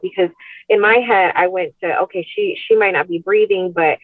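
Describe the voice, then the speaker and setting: A middle-aged woman shares a painful memory as a podcast guest. She talks earnestly and haltingly, doubles back on her words, and laughs nervously in places. Her voice comes through a tinny phone-line call, dry, with no room sound around it. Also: medium pitch, no echo. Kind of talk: personal storytelling in conversation. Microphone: remote call.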